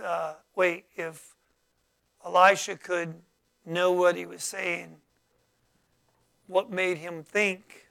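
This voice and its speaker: Preacher doing a bible teaching, slow and halting, lots of ums, gravelly voice, keeps asking the church to answer back. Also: medium pitch, a bit bright. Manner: calls out to the congregation for responses; reads verses aloud and then explains them.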